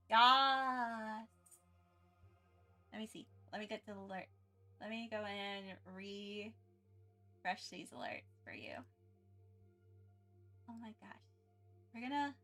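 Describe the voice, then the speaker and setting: Bubbly young woman streamer, bright voice. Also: a little high. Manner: excitable, gushing thanks, rambling with many fillers. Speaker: art livestreamer. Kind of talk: casual live-stream chat.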